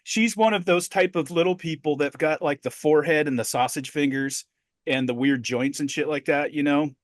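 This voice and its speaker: A middle-aged man co-hosting a podcast, telling a story in a profane, animated way. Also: on the high side, normal speed, no room sound, clean studio sound. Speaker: podcast co-host. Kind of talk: casual podcast chat.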